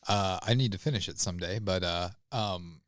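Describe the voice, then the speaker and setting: A man co-hosting a podcast in casual chat, halting and hesitant as he talks. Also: deep voice, a bit bright, dry recording, studio quality. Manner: hesitant, many fillers and restarts, halting. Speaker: podcast co-host.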